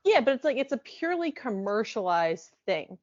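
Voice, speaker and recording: A woman's voice: on the high side, very animated, normal speed, dry recording, dull audio. A woman co-hosting a casual chat podcast, wry and often restarting her sentences. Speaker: podcast co-host. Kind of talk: casual chat over wine.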